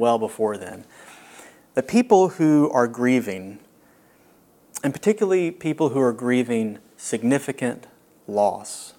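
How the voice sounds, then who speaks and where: A man preaching a sermon as a pastor, earnest and reflective, with long pauses. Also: mid-range voice, a little mellow.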